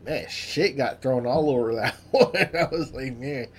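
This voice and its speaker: Chill guy cohost, kinda husky voice, laughs a lot, casual cursing. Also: medium pitch, measured pace. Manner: laid-back, laughs often, swears casually. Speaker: podcast co-host. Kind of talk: casual review chat.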